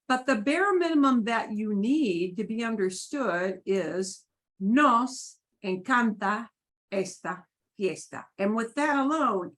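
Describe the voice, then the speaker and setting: Woman Spanish teacher, unhurried and patient, explaining grammar with lots of pitch movement. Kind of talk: online class teaching.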